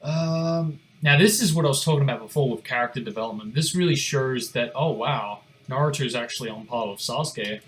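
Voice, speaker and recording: A man's voice: medium pitch, brisk, hardly any pauses. Rambling young guy commenting on gameplay. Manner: rambling, swears casually, mutters to himself. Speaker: gaming streamer.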